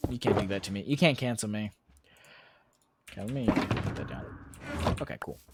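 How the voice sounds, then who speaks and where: A man's voice: lowish voice, very animated, moderate pace, very noisy. A young man chatting casually on a gaming stream, rambling and joking as he talks back to his chat. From United States. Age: young adult. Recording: loud keyboard typing and mouse clicks.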